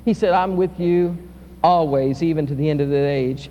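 A male pastor preaching a sermon, swinging from loud, impassioned peaks to quiet, soft passages. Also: on the high side, moderate pace, highs cut off, faint music behind. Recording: reverberant hall with faint hum.

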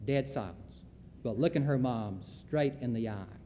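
A man's voice: mid-range voice, a little slow, mellow, long reverb tail, a little hiss or hum. A Southern man giving a folksy, emphatic lecture on Christian leadership, with storytelling asides.

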